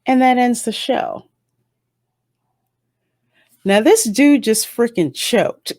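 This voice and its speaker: A woman giving a casual, stream-of-consciousness review of a TV episode, chatty and animated, with sudden jumps up in pitch. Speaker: YouTube reviewer.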